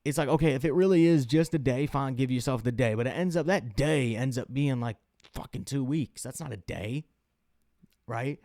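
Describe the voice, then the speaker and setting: A man's voice: medium pitch, moderate pace, dark tone, no echo. Young male podcast host from the Midwest, casual solo rant, chatty and profane, close dry recording, mid-range voice. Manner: rambling, profane, lots of fillers.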